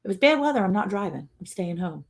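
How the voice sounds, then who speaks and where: A woman's voice: medium pitch, big pitch swings, fast talker, vocal fry. Lady chatting on a farm livestream, laughs a lot, does little voices for other folks. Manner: chatty, laughs often, mimics people in quoted voices. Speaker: ranch livestream co-host. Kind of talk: casual livestream chat. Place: home on a farm.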